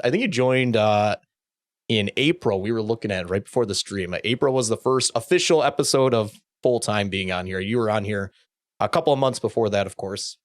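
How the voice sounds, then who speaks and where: Halting man hosting, dry sound. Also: mid-range voice, dry recording. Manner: hesitant, halting with restarts. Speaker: host. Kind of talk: casual chat.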